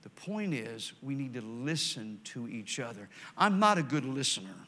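An older man preaching, telling folksy stories and swinging from loud emphatic lines to quiet, slow ones. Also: mid-range voice, big pitch swings. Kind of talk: sermon.

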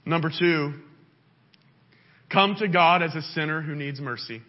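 A male pastor delivering a sermon in a church, with an impassioned delivery that swings up and down in pitch. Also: unhurried. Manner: impassioned, pitch rising and falling widely. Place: church sanctuary. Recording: dull lo-fi sound.

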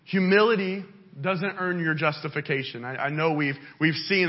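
A male pastor delivering a sermon in a church, with an impassioned delivery that swings up and down in pitch. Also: unhurried, long pauses. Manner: impassioned, pitch rising and falling widely. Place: church sanctuary. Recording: dull lo-fi sound.

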